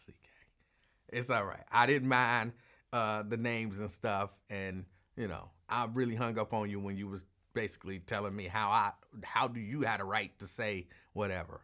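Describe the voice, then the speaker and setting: A woman hosting a call-in talk show, chatting casually with callers and telling animated stories with laughs. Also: very deep voice, moderate pace. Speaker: radio talk show host.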